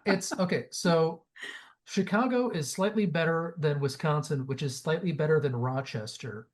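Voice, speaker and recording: A man's voice: on the high side, normal speed. A man hosting a podcast in casual chat, jokey and opinionated, swearing now and then. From Great Lakes region of the US. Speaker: podcast host.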